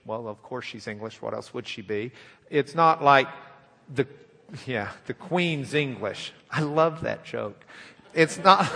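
A man preaching a sermon in a folksy, animated, joking way in a church sanctuary. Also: fairly high pitch, gravelly, long reverb tail.

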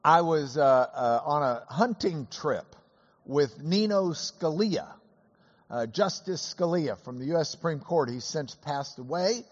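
A hoarse man who is ill, teaching a Bible class through a chatty anecdote with many fillers. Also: fairly high pitch, expressive, measured pace, long reverb tail, muffled recording. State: hoarse from illness. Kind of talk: storytelling lesson.

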